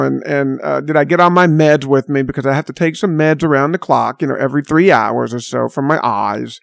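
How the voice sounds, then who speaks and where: Gravelly older man, rambling exasperated storyteller. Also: medium pitch, fairly quick, few pauses, dry recording, studio quality. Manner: rambling, exasperated, sardonic asides. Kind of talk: rambling personal anecdote.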